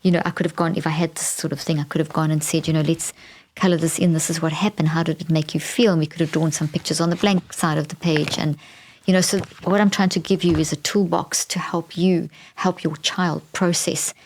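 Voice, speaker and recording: Low-voiced woman telling a candid story. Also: flat delivery, fairly quick, a little hiss or hum. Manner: reflective, candid, with frequent restarts. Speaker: podcast host. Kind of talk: personal storytelling.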